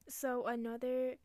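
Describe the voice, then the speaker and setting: A young woman talks straight into the mic in a casual solo podcast, angry and profane, often dropping into hushed, whispery asides. Her voice sits a little high, and the recording is close and dry, with no room sound. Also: no room sound. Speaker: podcast host.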